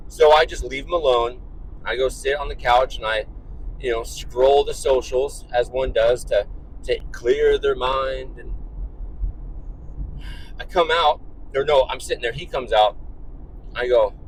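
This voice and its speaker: Exasperated dad ranting with lively swings. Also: male voice, medium pitch, a little slow, long pauses, a little hiss or hum, poor audio. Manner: profane, exasperated, animated storytelling. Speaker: vlogger and dad. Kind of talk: ranting storytime.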